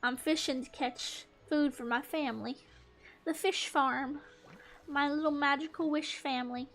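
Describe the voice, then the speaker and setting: A woman's voice: high voice, fairly even intonation, unhurried, a bit bright. A young woman giving casual, playful gameplay commentary, mock-exasperated and talking to the fish on screen. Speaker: gaming streamer.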